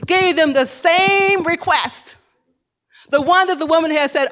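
A woman's voice: very high voice, a little slow, a bit bright. A woman preacher delivering a sermon with emphatic, repetitive exhortations.

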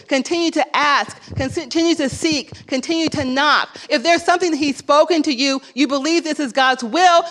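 High-voiced woman preaching emphatically. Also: fairly bright tone. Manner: emphatic, repetitive exhortation. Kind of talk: sermon.

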